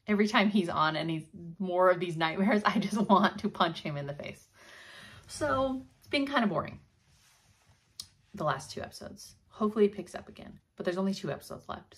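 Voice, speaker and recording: Lowish-voiced woman just chatting away on her vlog, lots of ums and likes. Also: fairly bright tone, slightly rough. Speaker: video host. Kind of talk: casual chat.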